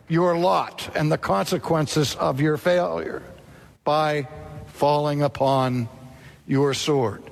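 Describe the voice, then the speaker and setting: A man's voice: on the high side, creaky. A man preaching a sermon, telling a story dramatically and acting out the voices in it.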